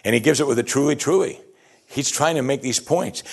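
A man preaching a sermon, emphatic and animated, asking his listeners rhetorical questions. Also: medium pitch, fairly quick, creaky, husky. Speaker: pastor.

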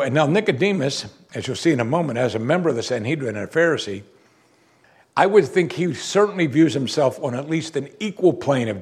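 A man preaching a sermon, animated and rhetorical, repeating lines and exclaiming for emphasis. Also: medium pitch, husky.

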